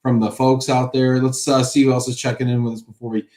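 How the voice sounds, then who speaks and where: A man's voice: medium pitch, flat delivery, fast talker, warm tone, echoey room. A man hosting a live stream, joking and reading viewer comments aloud. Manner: jokey, upbeat, reads viewer comments aloud. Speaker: show host. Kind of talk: casual live-stream chat.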